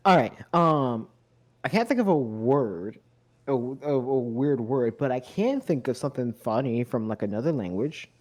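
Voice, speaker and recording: A man's voice: mid-range voice, lively intonation, normal speed, a little mellow. A young man on a casual podcast, explaining hesitantly with many ums. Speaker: podcast guest. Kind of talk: casual chat.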